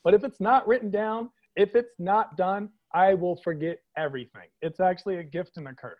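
A man's voice: high-pitched, highs cut off. A man from Washington, D.C., a comedian guest riffing playfully on a podcast interview. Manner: playful, jokey, quick asides and put-on voices.

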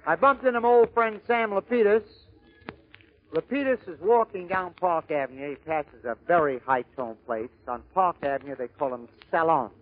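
A man with a fairly high voice reels off comic stories in a brisk storyteller's manner. The recording is narrow and tinny, like a phone line, with a faint hiss. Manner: brisk storyteller who slips into character voices. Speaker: stand-up comedian. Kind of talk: joke telling.

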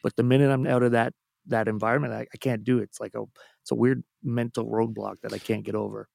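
A man, a podcast guest in casual chat, talkative and quick to laugh. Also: mid-range voice, flat delivery, vocal fry. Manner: warm, chatty, laughs often.

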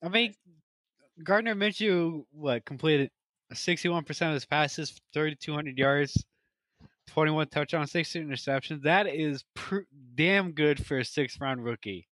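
A man co-hosting a casual fantasy football podcast, talking excitedly and rambling through player stats with lots of restarts. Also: a little high, a little slow, no room sound. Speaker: podcast co-host. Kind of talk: casual chat.

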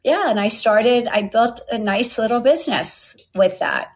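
This middle-aged founder speaks a touch high and somewhat slowly, spinning out a lengthy story from her earlier years in an interview. She's animated and conversational, putting on voices for everyone she quotes.

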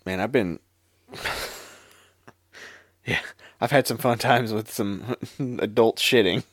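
A man with a fairly low voice co-hosts a casual podcast, relaxed and sarcastic, with swearing dropped into easygoing explanations. His voice is recorded dry and close, with no room sound. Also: slow pace, dry recording. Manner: laid-back, sarcastic, swears freely. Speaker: podcast co-host, healthcare worker.

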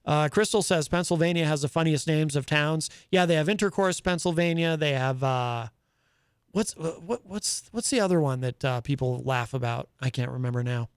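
A man's voice: on the high side, moderate pace, clear, resonant tone, dry recording, studio quality. A man hosting a live talk show in casual chat, reading viewer comments aloud and rambling with many fillers and restarts. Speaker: host.

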